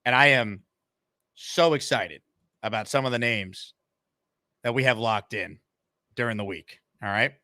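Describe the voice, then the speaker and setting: A man's voice: mid-range voice, measured pace, pauses often, pushed and bright, no echo, studio quality. A man hosting a live call-in sports talk show, upbeat and hyping callers and promotions. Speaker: show host.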